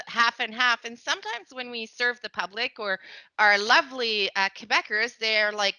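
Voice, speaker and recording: Bright-voiced bilingual woman moderator. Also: a little high, normal speed, dry recording. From New Brunswick, Canada. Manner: switches between English and French mid-sentence; chatty, animated, laughs often. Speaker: panel moderator. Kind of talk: bilingual panel discussion.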